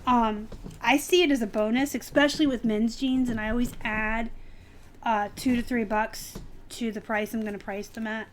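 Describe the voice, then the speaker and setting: A woman reselling clothes, chatting casually to her live-stream viewers with lots of ums and bursts of excitement. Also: a little high, moderate pace, slight background noise. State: dry throat, clearing it.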